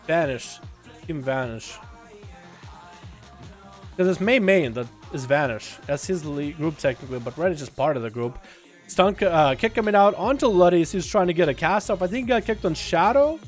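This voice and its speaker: A male streamer giving rapid, chatty play-by-play commentary on a game livestream, with rambling asides. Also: fairly high pitch, lively intonation, faint music behind.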